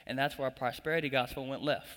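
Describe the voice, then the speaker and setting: A man's voice: mid-range voice, steady tone, fast talker, fairly bright tone. A young man preaching a sermon, building up with emphatic repetition and calling the congregation to repeat after him. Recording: long echo of a large hall.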